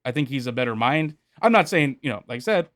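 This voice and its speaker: A man's voice: medium pitch, animated, fast, fairly bright tone, dry recording, clean studio sound. A man co-hosting a wrestling podcast in casual chat, bluntly arguing his points. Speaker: podcast co-host.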